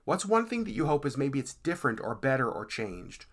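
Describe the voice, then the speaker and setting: Woman podcast co-host, low voice with a wide, lively swing, casual and warm-hearted. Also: fairly quick. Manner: animated, earnest, laughs easily. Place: lives in Alaska.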